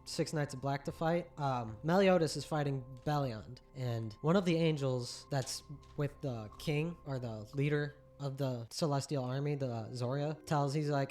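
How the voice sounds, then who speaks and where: Excited man retelling an anime plot. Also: medium pitch, moderate pace, hardly any pauses, faint music behind. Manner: excited storyteller, acts out character lines in a raised voice. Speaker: podcast co-host. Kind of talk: casual recap of an anime film.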